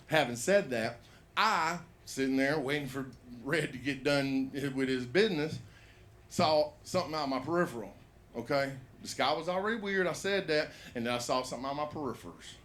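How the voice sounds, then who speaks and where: A man's voice: medium pitch, a bit bright. A man telling a rambling, profane stand-up story at an open mic in a comedy bar.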